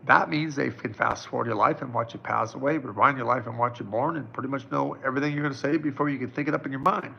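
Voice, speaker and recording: A man's voice: mid-range voice, fast, gravelly, hardly any pauses, dull audio, a little hiss or hum. A man in his fifties, a psychic answering viewers' questions on a live stream in a casual, reassuring way. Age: 50s. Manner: casual, reassuring, chatty with many fillers.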